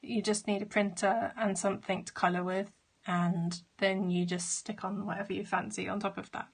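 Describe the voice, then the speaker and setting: Woman, hoarse, chatty craft vlogger, even level pitch. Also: normal speed. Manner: chatty, with fillers and trailing asides. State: losing her voice. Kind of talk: casual show-and-tell.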